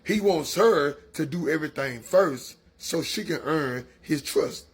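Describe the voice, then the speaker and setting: A man's voice: a little high, animated, unhurried, husky. A man giving a preachy opinion monologue, lecturing in colloquial speech. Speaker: commentator.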